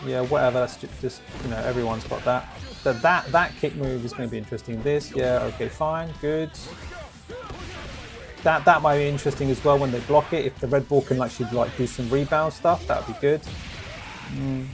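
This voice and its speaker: Gravelly man ranting casually. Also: medium pitch, brisk, over music. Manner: rambling, ranty, lots of restarts and fillers. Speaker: stream host reacting to a game trailer. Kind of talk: casual live reaction commentary.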